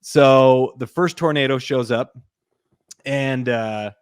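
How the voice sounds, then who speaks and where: A man's voice: medium pitch, slow, smooth, no room sound, clean studio sound. A young man co-hosting a podcast, rambling through a movie plot with lots of fillers. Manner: rambling retelling, lots of "like", acts out quotes. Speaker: podcast co-host. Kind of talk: casual movie recap chat.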